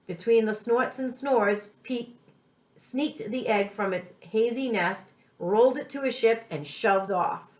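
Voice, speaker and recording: A woman teacher reading a picture book aloud to young children, with soft, friendly asides. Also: on the high side, unhurried, echoey room, poor audio. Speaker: second-grade teacher.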